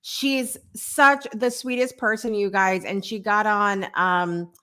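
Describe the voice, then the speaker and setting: Chatty woman hosting a live morning stream, bright voice, reads comments out loud. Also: medium pitch, fairly even intonation, slow pace, smooth. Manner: chatty, upbeat, reading viewer comments aloud. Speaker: talk show host. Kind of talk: live morning talk show chat.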